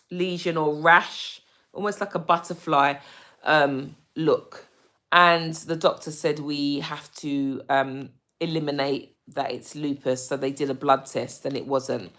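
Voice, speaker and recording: Slow-talking British woman hosting a livestream. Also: fairly low pitch. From United Kingdom. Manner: slow, chatty, gushing when excited, many ums. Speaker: livestream host. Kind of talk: casual live-stream chat with viewers.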